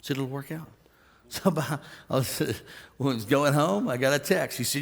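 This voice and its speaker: Chatty pastor in a reverberant hall. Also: male voice, medium pitch, normal speed, vocal fry. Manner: storytelling, animated quoting of others. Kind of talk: conversational sermon.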